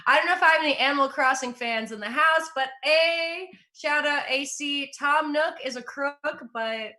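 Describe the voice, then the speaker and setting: Bright, upbeat young woman comedian. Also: sits high, normal speed. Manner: animated, upbeat, self-mocking. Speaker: stand-up comedian. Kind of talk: stand-up comedy set. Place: at home in front of a green screen. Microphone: computer mic for an online show.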